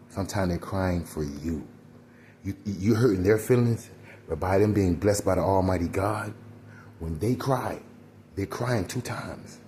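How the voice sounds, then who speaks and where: Man, very low voice, mellow dark tone, preachy rambling talk, faint background noise. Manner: preachy, rambling, addresses listeners as y'all. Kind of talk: casual spiritual monologue.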